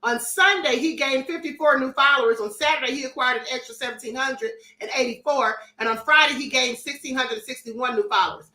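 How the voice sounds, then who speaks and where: A woman's voice: high-pitched, a little fast, few pauses, pushed and bright, reverberant. A woman hosting a live-stream commentary show, reading chat comments aloud in a sassy, defiant and emphatic way.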